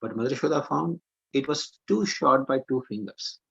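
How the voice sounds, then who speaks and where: Husky-voiced man telling a devotional story. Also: medium pitch, normal speed, highs cut off. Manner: animated storyteller with verse quotes. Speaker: preacher. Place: online meeting, video call. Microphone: computer mic on a video call.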